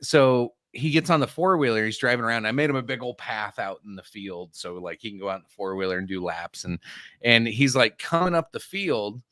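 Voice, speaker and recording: A man's voice: medium pitch, expressive, fairly quick, a bit bright, no room sound, studio quality. A middle-aged man co-hosting a live show, telling a funny family story with lots of laughing and swearing. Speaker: podcast co-host. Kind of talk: casual storytelling on a live stream.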